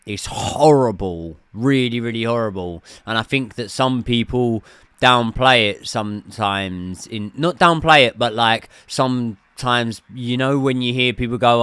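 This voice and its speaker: A young man talks loosely through a football watchalong, dropping the odd swear word as he answers his viewers. His voice is smooth and clear, at an ordinary middle pitch. The sound is dry and close, with almost no room around it. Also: unhurried, fairly bright tone, no room sound. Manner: chatty, swears casually, reads out viewer messages. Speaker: host of a football watchalong stream. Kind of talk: casual live-stream chat and commentary.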